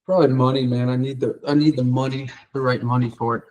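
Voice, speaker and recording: A man's voice: medium pitch, little pitch movement, quick pace, a little mellow, poor audio. A man coaching a trainee on cold calls, blunt and profane, acting out the lines of callers and sellers. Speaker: sales coach. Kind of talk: coaching feedback after a sales role play.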